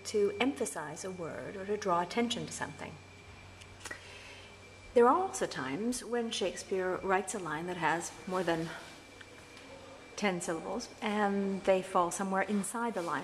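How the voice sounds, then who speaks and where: A woman's voice: medium pitch, a little hiss or hum. A woman teaching a university English lesson, explaining verse rhythm and chanting stress patterns aloud. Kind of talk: recorded lecture.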